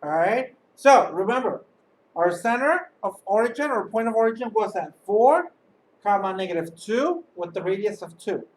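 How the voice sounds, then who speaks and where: A teacher records a video lesson, slowly talking through each step and pausing to ask "okay?" along the way. The voice sounds set back from the microphone, and a faint hum of background noise runs underneath. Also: mid-range voice, animated, distant mic, poor audio. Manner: patient, step-by-step, often checks in with "okay?". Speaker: high school math teacher.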